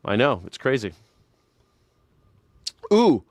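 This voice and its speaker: A man's voice: medium pitch, big pitch swings, slow, dry recording. A man hosting a live news reaction show, talking in a crude, sarcastic and mocking way. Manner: sarcastic, crude and mocking, slips into exaggerated mimicking voices.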